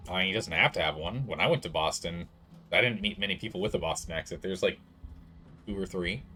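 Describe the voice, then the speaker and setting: Lower-voiced man rambling over gameplay. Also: fast, pushed and bright. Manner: rambling, laughing asides. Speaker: streamer. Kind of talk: let's play commentary.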